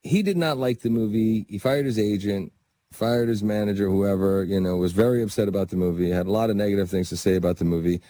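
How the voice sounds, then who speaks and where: A man, a guest actor, telling casual anecdotes in an animated way and laughing through them. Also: on the low side, quick pace.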